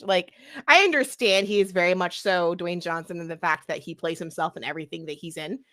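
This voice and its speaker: A woman's voice: lowish voice, fairly quick, few pauses, fairly bright tone. A young woman chatting animatedly as a podcast co-host and game master, laughing often. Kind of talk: casual chat.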